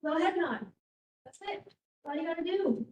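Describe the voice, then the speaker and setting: A woman's voice: extremely high pitch, animated, darkish tone. Frank Canadian woman speaking in an echoing hall. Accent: Canadian English. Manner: casual and frank, with quick laughs and emphatic repetition. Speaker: keynote speaker. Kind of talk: motivational keynote speech. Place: large hall. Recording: echoey hall, mic at a distance.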